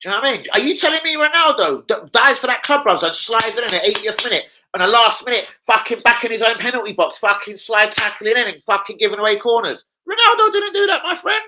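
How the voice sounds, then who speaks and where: A man's voice: very high-pitched, quick pace, few pauses, background noise. A young man ranting casually about football as a fan channel host, swearing a lot and slipping into impressions of people. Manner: animated, sweary, slangy, mimics people.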